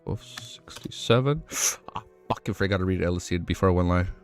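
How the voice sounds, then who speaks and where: A young man streaming live, chatting casually with his audience, excitable and swearing often, tripping over his words and laughing. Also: sits low, fairly quick, soft background music. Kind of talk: casual livestream chat.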